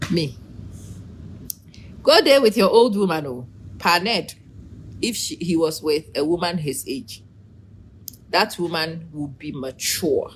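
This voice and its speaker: Woman in her middle years ranting and teasing to camera, lowish voice, bit of hum behind. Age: middle-aged. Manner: animated, preachy, teasing, talks to viewers by name. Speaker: vlogger. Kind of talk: casual opinion monologue.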